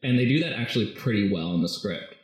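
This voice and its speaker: A man's voice: on the low side, lively intonation, fast talker. A man casually recapping a movie script as a podcast host, rambling and jokey, full of fillers. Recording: very echoey room.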